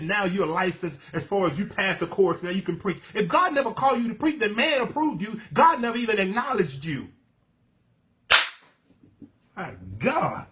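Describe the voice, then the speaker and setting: A man preaching and teaching in an emphatic, fervent way, calling listeners "baby" and breaking into loud exclamations. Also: high voice. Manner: bursts of laughter and loud exclamations. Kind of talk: sermon-style teaching.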